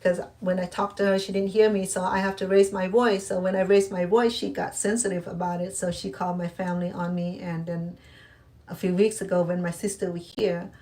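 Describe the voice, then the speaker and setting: Middle-aged woman, casual confiding vlogger, halting delivery with restarts, mic slightly far. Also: fairly low pitch, flat delivery, darkish tone. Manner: rambling, halting, many restarts and fillers. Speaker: cooking channel host. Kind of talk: casual personal talk to camera.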